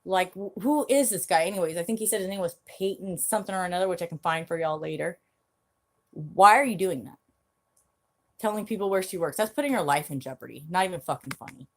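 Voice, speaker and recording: Woman, lowish voice, angry stream rant, blunt, heavy cursing. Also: quick pace, few pauses. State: angry, agitated. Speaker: channel host.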